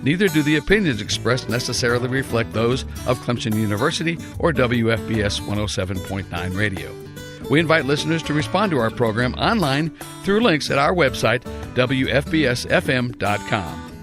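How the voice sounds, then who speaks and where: A radio announcer reads the show's scripted closing in a measured, mid-pitched voice. Clear guitar music plays beneath him. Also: male voice, animated. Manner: smooth, measured read. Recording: music bed under the voice.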